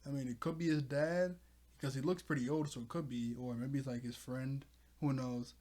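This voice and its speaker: A man's voice: mid-range voice, steady tone, brisk, mellow. A man giving a casual, rambling recap of a manga chapter, chuckling as he goes. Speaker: manga reviewer.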